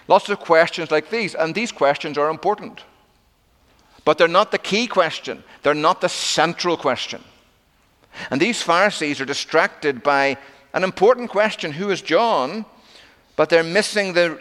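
A man preaching a sermon, telling the story with lively acted-out quotes and plain explanation. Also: a little high, long reverb tail.

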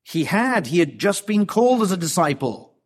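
A man preaching an expository sermon, emphatic and deliberate, with rhetorical questions. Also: high voice, big pitch swings.

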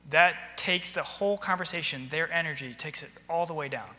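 Man, training speaker at church, bright and punchy delivery, reverberant auditorium. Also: a little high, brisk, hardly any pauses, slight background noise. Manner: animated, acts out soft and stern examples. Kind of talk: practical training talk. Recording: hall reverb.

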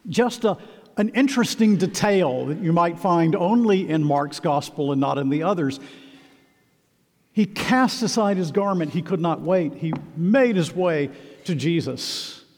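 Slow, emphatic man preaching. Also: a little high, animated, darkish tone, in a large hall. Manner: emphatic, repeats key phrases. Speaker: pastor. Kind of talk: sermon.

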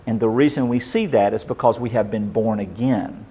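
A man's voice: on the low side, normal speed, slightly rough. Man preaching a sermon. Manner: dynamic preaching, swinging between loud and soft. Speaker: pastor.

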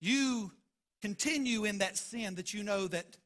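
A man's voice: high-pitched, a little slow, fairly bright tone. A man preaching a sermon as pastor, emphatic and driving points home by repeating phrases.

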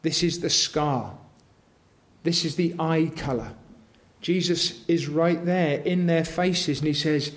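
A man's voice: fairly high pitch, slow pace. A man preaching a sermon, earnest and building to emphatic intensity as he quotes scripture.

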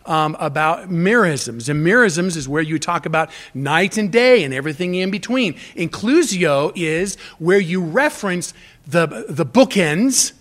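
A male pastor delivers an expository sermon from a church stage. His voice sits high for a man, and he presses his points earnestly and emphatically. He often stops and restarts phrases as he builds toward the key word. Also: a bit bright.

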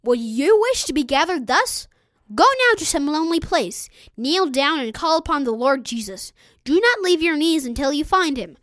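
A man's voice: very high-pitched, very animated, normal speed, a bit bright, dry recording, clean studio sound, full character voice. A woman reading the words of a devout young nobleman on his deathbed, pleading earnestly and tenderly with his brother.

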